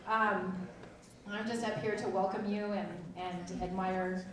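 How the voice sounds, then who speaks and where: A woman's voice: medium pitch, little pitch movement, measured pace. A woman hosting a theater event, giving a casual, joking welcome speech to an audience. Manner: chatty, joking, laughing often. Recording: echoey room, distant mic, crowd and noise.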